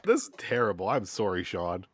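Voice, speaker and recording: A man's voice: sits low, very animated, moderate pace, no echo. A man co-hosting a casual podcast, playful and rambling with many restarts. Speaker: podcast co-host. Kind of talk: casual chat.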